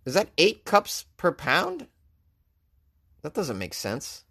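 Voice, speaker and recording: A man's voice: fairly high pitch, huge pitch swings, slow pace, creaky, bright, forceful tone. A man hosting a comedic news commentary, reading headlines and riffing on them sarcastically. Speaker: host.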